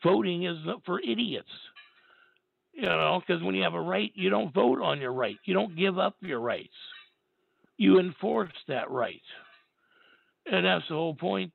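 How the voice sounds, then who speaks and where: A tired man with a raspy voice, hosting a call-in talk show and rambling emphatically. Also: fairly high pitch, moderate pace, no room sound. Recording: tinny phone line.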